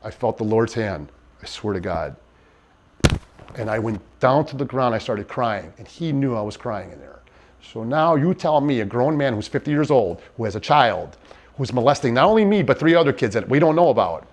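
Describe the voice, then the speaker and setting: A man in an interview, giving personal testimony in a halting, earnest way with many restarts. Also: mid-range voice, expressive, a little hiss or hum. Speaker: interviewee in a docuseries.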